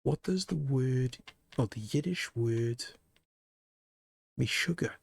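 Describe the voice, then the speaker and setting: A man's voice: mid-range voice, slow, gravelly, husky. A man streaming live, chatting casually with viewers, joking and laughing often.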